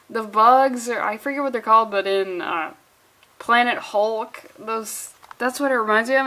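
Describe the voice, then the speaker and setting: Woman comic reviewer, slightly high voice, excitable, rambling, casual and profane. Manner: excitable and rambling, with swearing and jokey asides.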